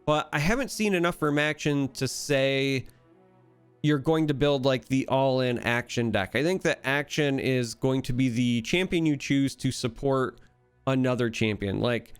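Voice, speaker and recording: A man's voice: mid-range voice, a little slow, smooth, dry recording, faint music behind. A man with a Midwestern American accent, talking enthusiastically and analytically in casual solo commentary about a card game. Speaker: card game content creator.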